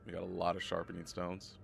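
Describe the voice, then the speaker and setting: A hoarse, sick young man streaming live gameplay, chatting casually and rambling, often repeating himself. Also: sits low, completely flat delivery, a little fast, a bit bright, slight background noise. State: hoarse from a cold.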